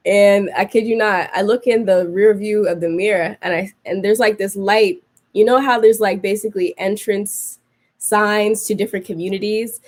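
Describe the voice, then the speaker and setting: Young woman, podcast host, casual storytelling, rambling, fillers and restarts, middle pitch. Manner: acts out her own quoted reactions.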